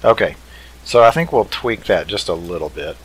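A man's voice: deep voice, animated, moderate pace, slightly rough, poor audio. A man hosting a let's play, thinking aloud in an easygoing way as he builds. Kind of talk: casual game commentary.

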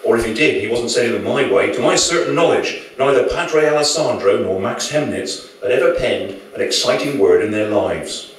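A man's voice: mid-range voice, expressive, moderate pace, slight background noise. A male author reading his novel aloud to an audience at a live venue, with dry, wry storytelling. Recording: very echoey room, mic far off.

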